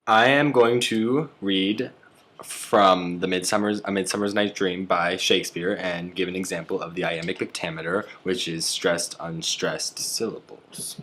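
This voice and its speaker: A man's voice: sits low, fairly even intonation, a little slow, a bit bright. A man explaining verse rhythm carefully and reading lines aloud as an example. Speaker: student presenter.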